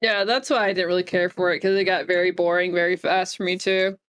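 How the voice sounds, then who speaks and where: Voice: medium pitch, steady tone, quick pace, fairly bright tone. A podcast co-host chatting casually in a laid-back way, laughing often and swearing casually.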